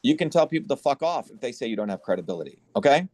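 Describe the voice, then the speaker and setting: A man hosting an online symposium, lecturing forcefully and bluntly over a video call, swearing for emphasis. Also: medium pitch, sing-song, rapid-fire, no echo. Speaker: symposium host and educator.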